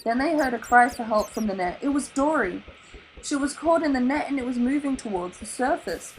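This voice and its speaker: A woman with an Australian accent reading a children's novel aloud in an animated, expressive way. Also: high voice, brisk, slight background noise, low-quality recording. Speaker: storybook reader.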